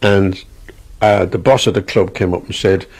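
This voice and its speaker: A man's voice: deep voice, steady tone, moderate pace. An older man with an Irish accent telling chatty stories about his career as an entertainer in an interview. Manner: chatty storyteller, chuckles, restarts. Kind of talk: relaxed anecdotal interview.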